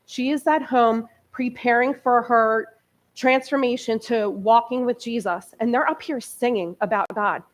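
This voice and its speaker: Speaking at a measured pace in a voice on the high side, a guest speaker in her early forties gives her testimony in a church sanctuary. She tells her story in a candid, conversational way that carries a lot of emotion.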